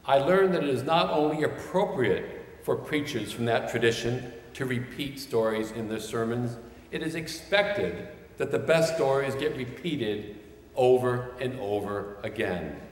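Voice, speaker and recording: A man preaching a sermon as pastor, measured and building toward shouted refrains. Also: medium pitch. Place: large church sanctuary. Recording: roomy church with long reverb.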